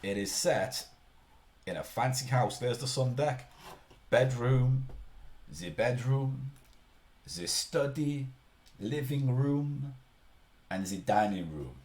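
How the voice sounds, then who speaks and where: Man, streamer, casual chat, rambling, self-interrupting, lively intonation. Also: medium pitch, slow pace.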